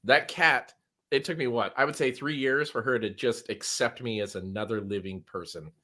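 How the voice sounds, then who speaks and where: A man's voice: mid-range voice, normal speed, sharp tone. A laid-back man on a video call, chatting casually and laughing easily. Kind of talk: casual chat on a livestream.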